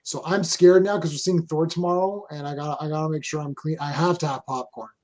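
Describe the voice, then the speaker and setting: Rambling Canadian man, slightly high voice. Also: quick pace. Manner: rambling, animated opinions with frequent restarts. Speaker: host. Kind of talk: casual chat.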